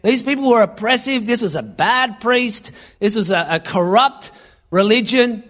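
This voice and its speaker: A man preaching a sermon, reading scripture aloud and acting out lines with sudden loud bursts. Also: extremely high pitch, animated, moderate pace. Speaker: pastor.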